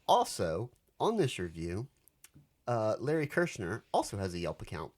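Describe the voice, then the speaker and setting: A man's voice: lowish voice, huge pitch swings, normal speed, a little mellow. A man co-hosting a haunt podcast in casual, joking chat. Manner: joking, laid-back. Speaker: podcast co-host.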